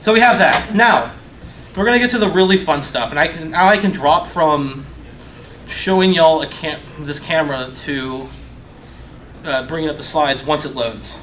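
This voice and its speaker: A man's voice: fairly high pitch, moderate pace, a bit bright, slight background noise. A young man giving a casual conference talk, loose and profane, joking at his own expense. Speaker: conference speaker. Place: conference hall. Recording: echoey conference room.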